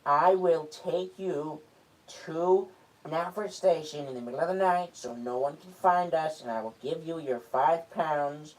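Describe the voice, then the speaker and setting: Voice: medium pitch, measured pace. A performer improvising a melodramatic male toy engine with a put-on American accent, recorded from a distant mic. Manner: rambling, melodramatic, crude jokes. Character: stuck, whiny male toy engine James. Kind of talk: improvised comedy role-play.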